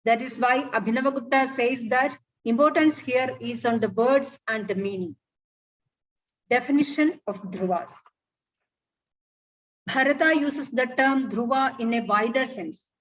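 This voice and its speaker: A woman's voice: fairly high pitch, slight background noise. Woman, formal paper reading, distant dull recording. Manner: measured formal reading, recites Sanskrit verses. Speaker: academic paper presenter.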